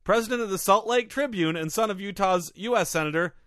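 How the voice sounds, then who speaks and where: A man's voice: high-pitched, fairly quick, a bit bright, no room sound, clean studio sound. A man co-hosting a casual comedy podcast who reads out facts and then jokes and riffs on them. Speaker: podcast co-host.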